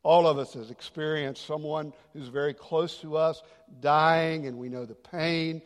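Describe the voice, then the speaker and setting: A male pastor delivers a sermon with a high voice. He drives points home loudly, then drops to a hushed near-whisper. The long reverb of a big church hall trails every phrase. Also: steady tone, a little slow. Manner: dynamic preaching, swings from loud emphasis to hushed near-whisper.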